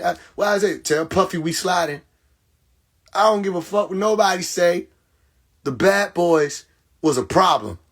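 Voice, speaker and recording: A young man hosting a casual livestream, talking emphatically with laughter, repetition and profanity, his voice hoarse. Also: sits high. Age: young adult. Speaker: livestream host. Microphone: phone.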